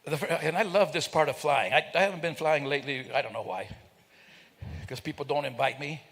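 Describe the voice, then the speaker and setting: A man's voice: fairly high pitch, brisk, creaky, a bit bright. An older man telling a funny story to a live audience, joking and teasing people in the crowd. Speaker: speaker at a celebration. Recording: reverberant hall.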